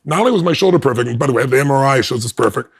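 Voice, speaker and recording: A man as an interview guest, telling a personal story in an animated way and acting out the quoted dialogue with big swings in pitch. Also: very fast, slightly rough.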